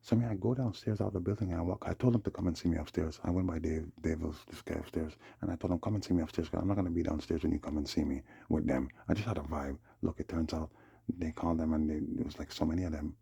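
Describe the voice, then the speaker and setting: Husky gravelly man ranting. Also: rumbling low, fairly even intonation, fast talker, warm tone, dry recording, studio quality. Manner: agitated, repeats himself, acts out the other people's lines. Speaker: vlogger. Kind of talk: rambling monologue recounting a dispute.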